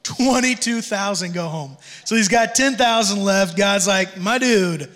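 A long reverb tail comes through first as a man preaches from the stage of a church sanctuary, his high voice bright and sharp. He delivers his sermon like a casual, joking pastor, sprinkling in slang. Faint music plays behind him, and his pace is a little slow.

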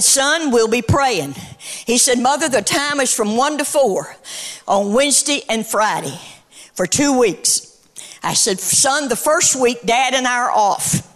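A middle-aged woman preacher gives a sermon, her rhythmic cadence building to shouts before she shifts into storytelling. Her voice is a little high.

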